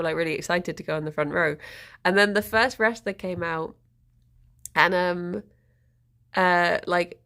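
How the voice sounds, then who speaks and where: A woman hosting a casual livestream, chatting to viewers and cooing to her pets with frequent giggles. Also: on the low side. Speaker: livestream host.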